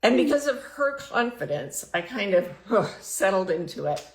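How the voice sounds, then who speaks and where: Gravelly-voiced woman telling a candid story. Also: big pitch swings, normal speed, echoey room. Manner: candid, acts out her inner dialogue with big pitch swings. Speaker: podcast host. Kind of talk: personal storytelling monologue.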